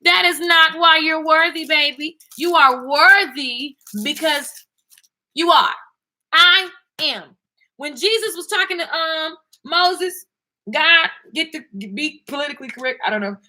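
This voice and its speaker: A woman, talking casually and preachily to her viewers in a vlog, with quick asides and laughs. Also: sits high, pushed and bright. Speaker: vlogger and singer. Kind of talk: casual inspirational talk to viewers.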